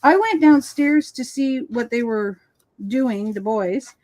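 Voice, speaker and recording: A chatty woman on a video-call livestream, talking in a casual and animated way. She acts out quoted conversations as she tells her stories. Her voice sits a bit high. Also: slow. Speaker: co-host of a crafting livestream. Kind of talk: casual chat.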